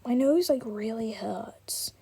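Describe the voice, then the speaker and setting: Chatty young woman with a mellow voice. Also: on the high side, lively intonation, slow pace, husky. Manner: rambling, lots of "like" fillers. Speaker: gaming vlogger. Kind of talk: casual chat while playing a building game.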